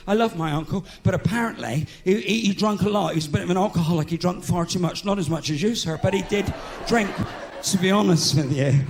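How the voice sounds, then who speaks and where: West country bloke doing standup in a big theatre, high voice, teasing the crowd. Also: male voice. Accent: West Country English. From England. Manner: self-mocking, chatty banter with the crowd. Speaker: stand-up comedian. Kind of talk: live stand-up comedy. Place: large theatre stage.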